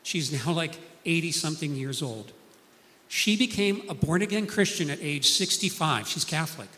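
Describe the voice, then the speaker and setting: A man's voice: fairly high pitch, lively intonation, normal speed, sharp tone, in a large hall. A man preaching a sermon, telling stories earnestly and acting out the people he quotes.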